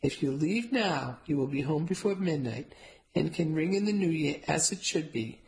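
A woman's voice: low voice, lively intonation, normal speed, a little hiss or hum, poor audio. A woman doing a wise old grandma. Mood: tender. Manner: formal, no contractions, gentle and firm. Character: kind wise Italian grandmother, calm and formal.

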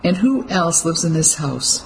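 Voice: mid-range voice, very animated, measured pace, vocal fry, a little hiss or hum, rough recording. A narrator voicing a cold, sneering German officer who speaks in a clipped, mocking way.

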